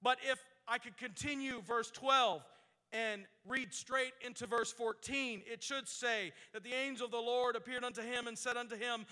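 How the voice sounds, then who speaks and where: A man preaching a sermon, reading scripture slowly in old-fashioned wording and building to fervent exhortation. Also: extremely high pitch, steady tone, sharp tone, in a large hall. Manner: reads scripture in slow King James cadence, then builds to fervent exhortation.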